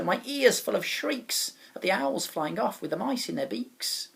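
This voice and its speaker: A male primary school teacher reading a children's rhyming storybook aloud, dramatic and expressive, dropping from loud lines to hushed ones. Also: high-pitched, a little slow, gravelly, hardly any pauses.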